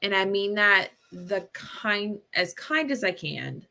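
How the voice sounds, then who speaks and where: Slow, gravelly-voiced woman chatting on a stream. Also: mid-range voice, animated, sharp tone. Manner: slow, chatty, full of ums and laughs. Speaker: booktube host. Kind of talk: casual live-stream chat.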